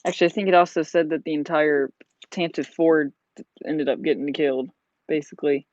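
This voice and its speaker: A vlogger talks through a build in a loose, rambling way, full of "like" and "you know." The voice sits at a middling pitch. The sound is dull and lo-fi. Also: steady tone, brisk, darkish tone. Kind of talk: casual chat while building.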